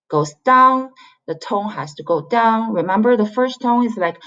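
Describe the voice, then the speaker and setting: A Chinese language teacher from China runs a beginner pronunciation lesson, patiently repeating sounds to model the tones. Her mid-range voice is expressive and measured in pace. The lo-fi recording sounds slightly dull.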